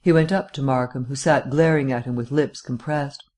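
A man's voice: mid-range voice, fairly even intonation, normal speed, darkish tone. Man reading a mystery novel aloud. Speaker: audiobook narrator. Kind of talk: audiobook narration.

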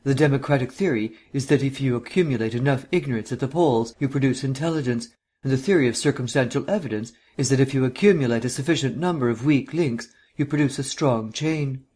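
A man reading as a drawling gentleman detective. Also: medium pitch, a little fast, husky, close to an everyday voice. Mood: airy, mocking. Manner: unemotional drawl, airy and mocking.

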